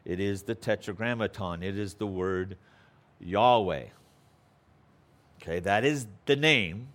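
A man's voice: lowish voice, a little slow, fairly bright tone. A man teaching a Bible passage in a conversational way, checking in with listeners and building to emphatic preaching. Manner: conversational, checks in with frequent "okay?"; acts out quotes with playful voices.

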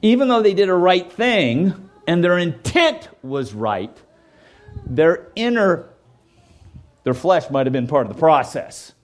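A man's voice: on the high side, big pitch swings, slow, long pauses. A man preaching a sermon in a conversational way, often checking in with "okay?" and acting out quoted voices. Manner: acts out quoted voices and jokes. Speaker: pastor.

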